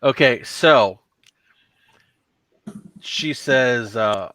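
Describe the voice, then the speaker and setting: Man game master, bright tone, dry close sound, rambly narration. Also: mid-range voice, unhurried, dry recording, low-quality recording. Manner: loose, filler-heavy storytelling.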